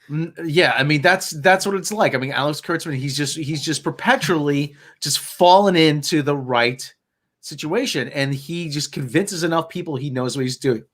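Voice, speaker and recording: A man's voice: on the high side, moderate pace, fairly bright tone. A man in casual podcast chat, joking and laughing often.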